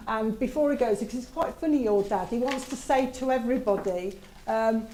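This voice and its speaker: Chatty woman medium, mellow voice. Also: fairly high pitch, fairly quick, few pauses, a little hiss or hum, low-quality recording. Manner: chatty, relaying messages with asides. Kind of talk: mediumship demonstration at a service.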